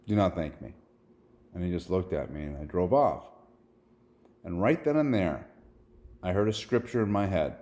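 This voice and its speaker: Low, dark-toned man in his forties, earnest and rambling, preaches when quoting scripture. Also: lively intonation, moderate pace, long pauses. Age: 40s. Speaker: vlogger. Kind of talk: personal storytelling monologue.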